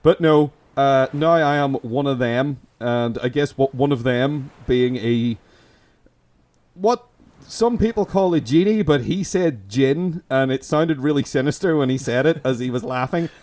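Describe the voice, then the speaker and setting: A podcast co-host with a Belfast accent rambles through an improvised comedic bit, constantly restarting, interrupting himself, and giggling. His voice is mid-range and expressive, with a darkish tone and a normal speed.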